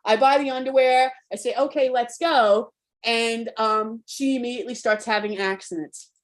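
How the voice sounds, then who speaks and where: A woman's voice: on the high side, fairly even intonation, normal speed. A woman coach giving a live online talk to parents, frank and spirited, cursing freely in a conversational, rallying way.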